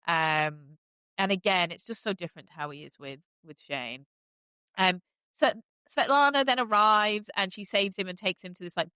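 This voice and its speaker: Bright, chatty woman gushing over a show. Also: lowish voice, clear, resonant tone, no echo. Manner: chatty, many fillers, animated gushing. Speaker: podcast host recapping a TV series. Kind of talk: casual recap chat.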